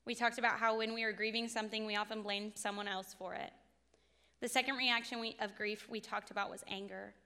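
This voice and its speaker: A woman's voice: mid-range voice, level tone, fairly quick, sharp tone, clear, resonant tone, big-room sound. A woman in her twenties giving a sermon, telling a personal story in an earnest, confessional way. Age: 20s. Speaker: speaker at a faith talk.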